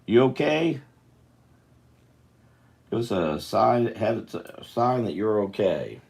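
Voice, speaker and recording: A man's voice: lowish voice, expressive, moderate pace, creaky, darkish tone, husky. A man chatting casually and thinking aloud to his viewers as he draws live. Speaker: artist drawing live for viewers. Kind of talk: casual rambling chat while drawing.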